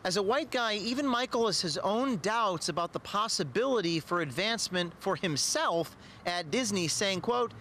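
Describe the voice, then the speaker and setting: A man's voice: sits high, expressive, normal speed, few pauses, sharp tone, a little hiss or hum. A man narrating a report in a scripted, pointed, mocking tone. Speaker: video narrator.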